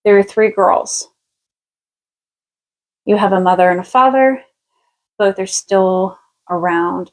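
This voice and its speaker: The audio is poor as a woman working as a psychic medium gives a past-life reading on a live stream in a medium-pitched voice. Easygoing and chatty, she laughs easily while thinking aloud, halting often with fillers, restarting thoughts, and reaching for words.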